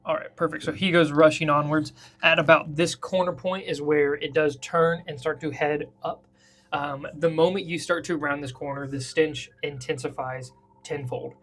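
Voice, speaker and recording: A man's voice: a little high, fairly even intonation, normal speed, a bit bright. A man running a tabletop game as game master, narrating casually and laughing often, with faint music behind. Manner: casual, laughs often, thinks aloud while drawing the map.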